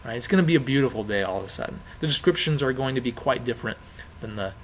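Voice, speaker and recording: A man's voice: medium pitch, animated, quick pace, a little hiss or hum, rough recording. A man teaching a lesson in an informal, conversational way, repeating key phrases with frequent fillers. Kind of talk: informal classroom explanation.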